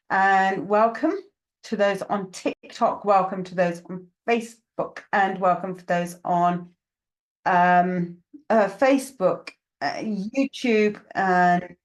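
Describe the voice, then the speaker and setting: A woman, a psychic medium hosting a live-streamed reading show. She chats casually, greeting viewers one by one by name, with plenty of ums. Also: medium pitch.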